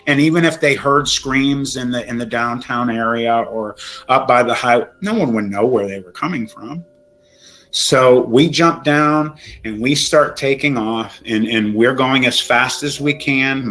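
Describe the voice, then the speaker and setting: A man's voice: medium pitch, fairly bright tone, rough recording. A middle-aged man tells a frightening true story as a guest. He sounds shaken and near tears, and keeps stumbling and restarting his sentences as he pushes through the retelling. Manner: emotional, halting, many restarts. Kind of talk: recounting a true scary story.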